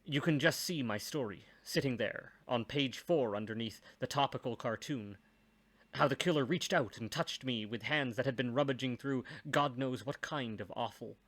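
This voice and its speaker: A man's voice: medium pitch, normal speed, a bit bright. A man reading a first-person story aloud, with dry, wry asides.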